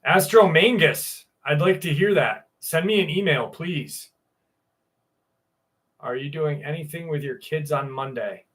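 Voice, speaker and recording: Slow-talking, rambling man on a livestream. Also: on the high side, fairly bright tone. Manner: rambling, candid, crude humor. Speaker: livestream host. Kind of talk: casual livestream chat answering viewers.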